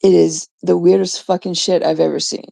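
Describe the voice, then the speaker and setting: A woman's voice: lowish voice, flat delivery, moderate pace, gravelly, dark tone. A woman host ranting indignantly in a rambling, profane monologue about online drama. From Canada. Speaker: livestream host.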